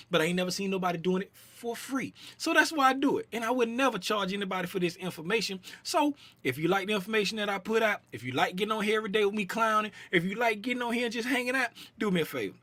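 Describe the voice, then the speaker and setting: A man's voice: high-pitched, lively intonation, fast, few pauses, sharp tone, no echo. A man hosting a casual livestream, joking around and greeting chat viewers by name. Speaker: livestream host and trading educator.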